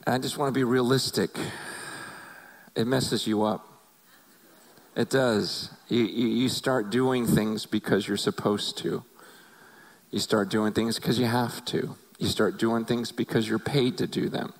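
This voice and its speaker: A man's voice: medium pitch, steady tone, a little slow, low-quality recording. Earnest man preaching a personal testimony. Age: middle-aged. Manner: earnest, confessional, rising to emotional intensity. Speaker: pastor.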